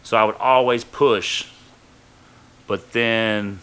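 A man's voice: lowish voice, steady tone, slow, sharp tone, a little hiss or hum. A man casually telling a rambling, profane story from his own life on a podcast, full of fillers.

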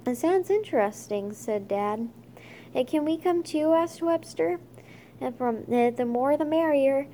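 Woman reader, slightly high voice, slow and halting storybook read-aloud with many restarts. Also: animated, warm tone, slight background noise. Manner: halting, with frequent fillers and restarts. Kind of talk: reading a children's chapter book aloud.

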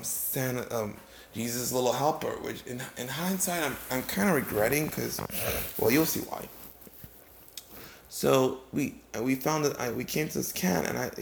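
A man's voice: mid-range voice, gravelly, slight background noise. A man telling a comic story in a rambling way, often stumbling and restarting. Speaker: comedic storyteller. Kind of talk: deadpan comedic storytelling.

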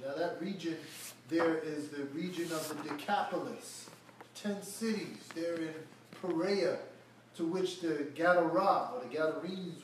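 Preaching through scripture verse by verse, this pastor plays out the biblical characters in relaxed, everyday language. His pitch is fairly high, the recording picks up a little hiss or hum, and his voice carries from a distance in an echoey room.

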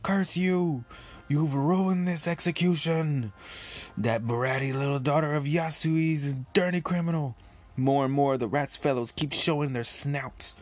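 A man's voice: on the high side, unhurried, voice pushed up, close to an everyday voice. A man reading out a ranting villainous shogun in a raised, indignant voice. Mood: furious.

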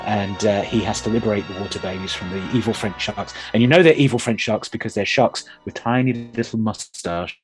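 A man hosting a podcast, chatting casually and retelling childhood cartoons with animated enthusiasm. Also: fairly low pitch, brisk, hardly any pauses, soft background music. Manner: animated retelling of old cartoons, often laughing. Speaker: podcast host.

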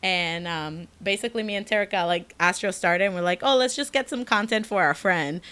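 Animated young woman telling a story. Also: brisk, clean tone. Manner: animated storytelling, jumps high for quoted lines. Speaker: podcast co-host. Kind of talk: casual chat.

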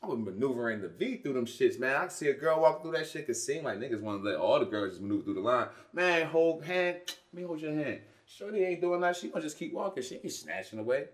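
Lively mid-pitched man, casual chat. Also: fast talker, few pauses. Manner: animated, profane anecdote-telling.

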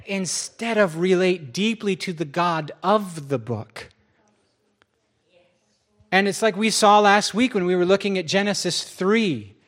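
A man preaching a sermon as pastor, telling stories in a lively way and jumping into other people's voices. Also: measured pace. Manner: lively storytelling, jumps into high voices for quotes.

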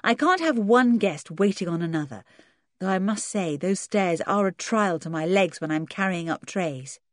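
A woman's voice: on the low side, expressive, moderate pace, no echo, studio quality, close to an everyday voice. A woman doing a kindly, fussy farmer's wife. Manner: fussy, motherly.

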